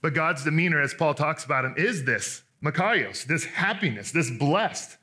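A man preaching a sermon in an animated, conversational way, restarting often and acting out the people he quotes. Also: fairly high pitch, normal speed. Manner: acts out quoted speakers in voices. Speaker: pastor.

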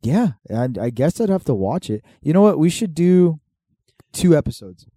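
A man's voice: fairly high pitch, very animated, normal speed, mellow, dry recording. A young man co-hosting a podcast in casual, laid-back chat, swearing freely and reading aloud from notes. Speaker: podcast co-host.

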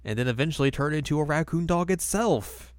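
A man's voice: a little high, expressive, fairly quick, dry recording, clean studio sound. A man co-hosting a podcast, recapping an episode in a chatty way and acting out the quotes. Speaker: podcast co-host.

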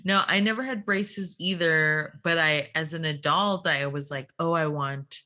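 A woman's voice: deep voice, sharp tone. A woman in her thirties chatting casually as a podcast co-host, laughing often and drawing out her words. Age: 30s. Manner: giggly, drawn-out, laughs often. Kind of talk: casual chat.

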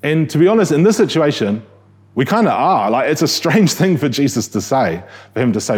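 A man with a New Zealand accent delivers a sermon in a relaxed, conversational way, restarting his phrases and asking the congregation questions. His voice is warm and mellow, with a slightly husky edge. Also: medium pitch, fairly quick. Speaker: preacher.

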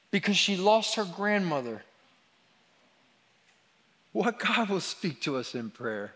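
A man preaching a sermon, telling stories about his children in a lively, animated way. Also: on the high side, slow, long pauses. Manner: animated storytelling, quoting his kids. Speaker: pastor. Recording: long hall reverb.

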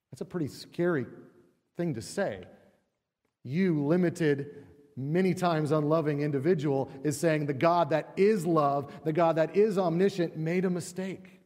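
A man's voice: on the high side, moderate pace, darkish tone. A middle-aged male pastor preaching a sermon in a conversational way, full of rhetorical questions and acted-out quotes. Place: church sanctuary. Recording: long church reverb.

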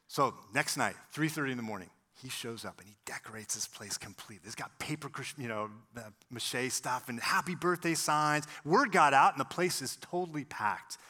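A man preaching a sermon, telling a story and acting out the voices of the people in it. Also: mid-range voice. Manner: animated storyteller, acts out quoted voices. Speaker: pastor.

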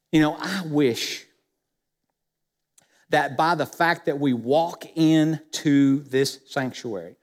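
A male pastor preaching a sermon in a church sanctuary, speaking with emphasis and putting rhetorical questions to the congregation. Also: sits high. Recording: long reverb of a church hall.

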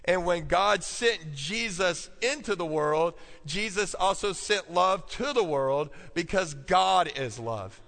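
A man's voice: sits high, lively intonation, slow, vocal fry, hardly any pauses, fairly bright tone. A male pastor preaching a sermon, calling out to the congregation and repeating key points for them to write down. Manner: call-and-response preaching, repeating points for note-taking. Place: church. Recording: long church hall reverb.

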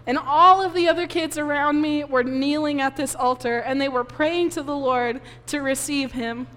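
A woman pastor preaching a sermon, giving an emotional personal testimony while crying softly. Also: high-pitched, steady tone, normal speed. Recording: long reverb of a hall.

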